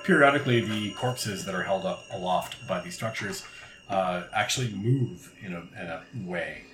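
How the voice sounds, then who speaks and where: Male game master, lower voice, vivid scene-setting narration; roomy, noisy recording. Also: normal speed, music in the background. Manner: vivid descriptive narration with frequent uh fillers. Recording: roomy recording with steady background noise.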